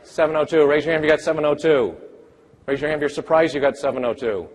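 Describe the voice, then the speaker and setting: A man presenting a math teaching workshop, energetically firing quick questions at the audience. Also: on the high side, a little hiss or hum. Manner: energetic, rapid-fire quizzing of the audience. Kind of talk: interactive conference workshop talk. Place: large conference hall. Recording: long hall reverb.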